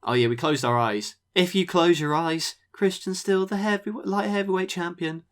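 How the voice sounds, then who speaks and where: A man co-hosting a podcast, recapping wrestling matches in a relaxed way, full of ums. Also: sits high, normal speed. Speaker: podcast co-host. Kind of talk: casual review chat.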